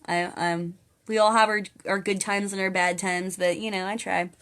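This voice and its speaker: A woman's voice: mid-range voice, flat delivery, normal speed, a bit bright. A young woman hosting a casual spiritual live stream at home, chatting earnestly and reading viewers' comments aloud as she rambles along. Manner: earnest, coaxing encouragement. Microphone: phone or webcam on a live stream.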